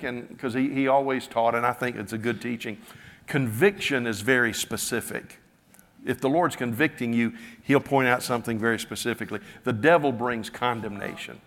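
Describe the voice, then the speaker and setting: A man's voice: mid-range voice, fairly even intonation, moderate pace, fairly bright tone. A man preaching a sermon, retelling a story through many quoted lines, with frequent repeats of "he said". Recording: long hall reverb.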